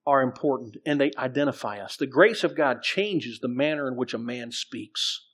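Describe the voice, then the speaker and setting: A man's voice: medium pitch, moderate pace, hardly any pauses, fairly bright tone, slightly rough. A middle-aged man preaching as pastor, conversational, with frequent restarts and scripture readings. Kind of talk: sermon.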